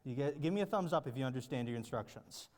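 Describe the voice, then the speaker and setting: A man's voice: mid-range voice, lively intonation, fast. A man leading a children's church group activity, giving upbeat, coaxing instructions and checking often that the kids understand. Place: large room with a platform. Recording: long reverb of a big hall.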